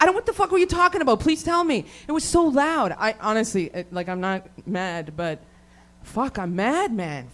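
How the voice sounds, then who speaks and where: A woman's voice: high-pitched, fairly bright tone. A woman doing a raunchy stand-up set, rambling, swearing constantly and laughing at her own jokes. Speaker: stand-up comedian. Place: comedy show venue with live audience.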